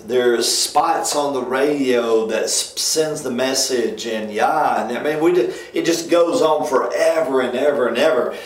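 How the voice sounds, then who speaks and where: A man's voice: measured pace, few pauses. A man, a pastor co-hosting a church ministry talk show, speaking in an emphatic, folksy way. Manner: emphatic, folksy, rises high when mocking others. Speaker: pastor and co-host. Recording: roomy echo.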